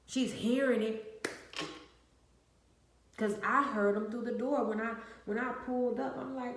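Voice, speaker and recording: A woman's voice: on the high side, unhurried, pauses often. Earnest woman telling a testimony. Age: adult with an infant. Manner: earnest, repeats phrases for emphasis, addresses viewers directly. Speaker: vlogger sharing a personal testimony. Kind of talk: emotional personal storytelling. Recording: echoey room with faint noise.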